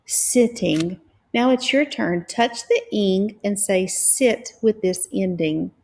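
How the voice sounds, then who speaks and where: A woman gives a slow, clear phonics lesson, splitting words into syllables and spelling out letters. Her mid-range voice is a little mellow with a gravelly vocal-fry edge, and she stays patient throughout.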